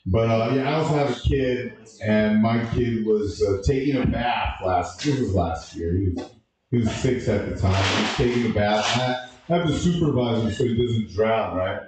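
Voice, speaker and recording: A man doing an open-mic stand-up set, halting with lots of uh and restarts. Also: lowish voice, a little mellow, far from the mic, slight background noise. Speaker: stand-up comedian. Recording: echoey room from a live mic.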